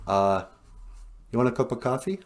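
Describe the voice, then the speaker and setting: A man's voice: medium pitch, very animated, normal speed, faint music behind, close to an everyday voice. A man voicing a friendly, easygoing white soldier who likes to show off. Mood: cheerful. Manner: breezy, chummy, showing off.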